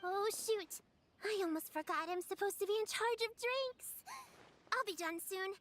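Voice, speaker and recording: A woman voicing a cheerful, polite little girl in a video game, speaking in a bright, sing-song way. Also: very high-pitched, normal speed.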